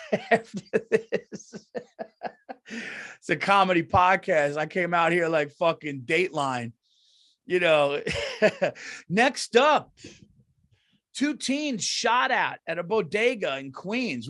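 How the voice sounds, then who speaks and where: A man's voice: medium pitch, fairly bright tone. A middle-aged man, hosting a comedy podcast in a heated, profane, repetitive rant. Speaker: podcast host.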